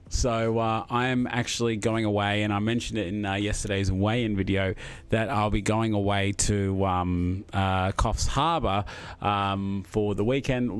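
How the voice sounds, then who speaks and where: A middle-aged Australian man chats on a live stream in a loose, easygoing way. He rambles, stops to chuckle, and fills pauses with plenty of ums and uhs. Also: medium pitch. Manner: rambling, with many fillers and chuckles. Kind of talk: casual live-stream chat.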